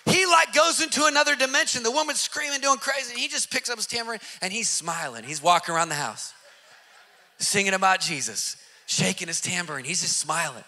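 Bright-voiced, excitable male storyteller. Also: high-pitched, fairly quick. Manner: excitable, emphatic, with laughs. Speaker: podcast host. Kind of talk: animated storytelling.

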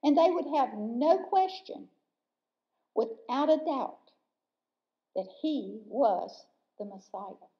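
A woman preaching a sermon in a church, earnest and emphatic, slowing down to stress key words. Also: on the high side, lively intonation, dark tone. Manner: earnest, slow and emphatic with pauses. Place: church sanctuary. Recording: dull lo-fi church recording.

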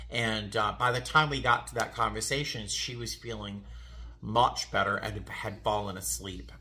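A man, a flight attendant, casually recounting a tense moment on a flight, animated and often restarting his sentences. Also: lowish voice. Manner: animated, self-interrupting, laughs at himself. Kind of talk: casual vlog storytelling.

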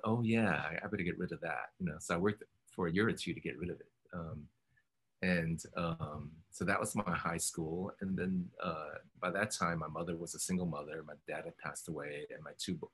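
A man's voice: sits low, fairly bright tone, breathy edge. A man in his fifties from Oakland, California, recalling his past in a reflective oral history interview, with many ums and restarts. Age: 50s. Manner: thoughtful, rambling, many ums and self-corrections.

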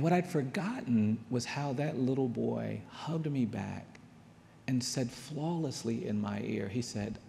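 Earnest male speaker, slow storytelling delivery, gravelly timbre, reverberant hall. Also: mid-range voice, warm tone, slight background noise. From United States. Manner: earnest, with long pauses and repeated phrases. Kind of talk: storytelling talk. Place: large hall.

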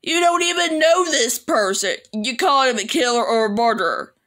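A woman hosting a reaction video, giving slow, scolding commentary on clips. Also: fairly high pitch, animated, fairly bright tone.

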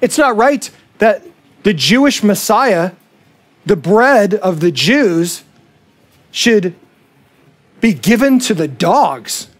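High-voiced, animated male pastor preaching. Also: slow pace, long pauses. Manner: animated, acts out quoted voices. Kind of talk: sermon.

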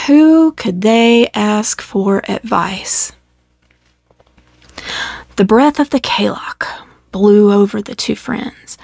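A woman storyteller reading a children's story aloud in a measured, expressive way. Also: mid-range voice, creaky, dry recording, clean studio sound.

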